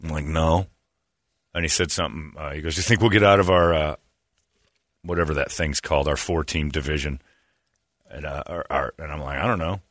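A man's voice: extremely low pitch, fairly even intonation, brisk, long pauses, fairly bright tone, dry recording, studio quality. A man hosting a radio show, telling self-deprecating stories and acting out the people he quotes. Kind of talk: casual storytelling on morning radio.

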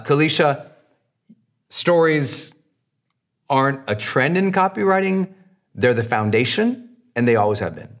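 Emphatic man coaching on a podcast. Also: a little high. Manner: emphatic, repetitive coaching delivery. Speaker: podcast host, marketing coach. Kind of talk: solo podcast answering listener questions.

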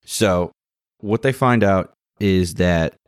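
A man with a very low voice talks through a TV episode in a loose, rambling podcast chat. The sound is dry and close. He keeps things casual and drifts between points. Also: slow pace, clear, resonant tone, dry recording. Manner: rambling, loose storytelling with lots of "um". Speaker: podcast co-host.

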